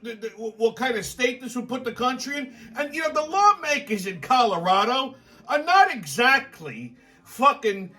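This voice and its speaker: A man's voice: high voice, sharp tone. A man hosting his own political commentary show, ranting angrily and emphatically with constant swearing. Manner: angry, emphatic, repeats himself, swears constantly. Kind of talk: profane ranting monologue.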